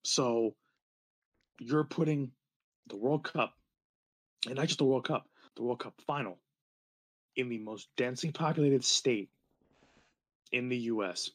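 A young man from New Jersey rambles through a casual podcast chat, full of fillers, restarts and laughter. He sits at an everyday middle pitch and jumps up high when he gets worked up. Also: a little slow, pauses often. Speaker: podcast co-host.

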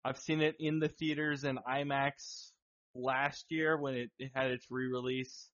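A man co-hosting a podcast in casual chat, excitable, swearing and laughing a lot. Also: mid-range voice, a little slow. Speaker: podcast co-host. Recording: dull lo-fi sound.

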